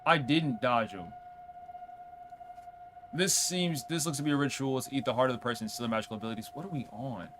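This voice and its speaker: Guy streaming a game, mid pitch, jumpy reactions, reads text out loud. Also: slight background noise. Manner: excitable, reads on-screen text aloud and reacts with quick outbursts. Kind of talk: casual let's-play commentary.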